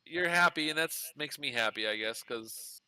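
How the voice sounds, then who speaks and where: A man's voice: a little high, normal speed, sharp tone, clean tone. A man narrating as game master in a casual, laughing way. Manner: casual, laughs often, many restarts.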